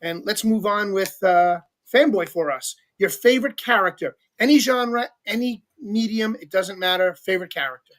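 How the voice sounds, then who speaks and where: A man with a notably high voice hosts a casual livestream chat. He speaks in an upbeat, enthusiastic way, giving quick shout-outs and questions to his guests. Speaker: livestream talk show host.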